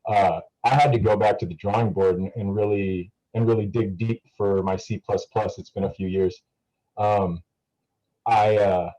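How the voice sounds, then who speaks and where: A man's voice: fairly low pitch, dark tone, poor audio. A young man talking casually to a class over a video call, rambling with many fillers and restarts. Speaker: student guest speaker.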